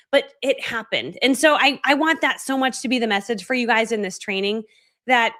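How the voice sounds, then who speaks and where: Her voice sits a little high, with a fairly bright tone and a moderate pace. She's in her forties, coaching an online course through a motivational training talk. She chats easily, pokes fun at herself, dramatizes her old reactions, and scatters "right?" and other fillers throughout.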